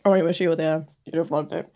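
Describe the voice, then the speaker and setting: A woman's voice: low-pitched, a little fast, dark tone. A young woman co-hosting a podcast in casual chat, giggly and breaking into laughter as she tells stories. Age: young adult. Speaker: podcast co-host.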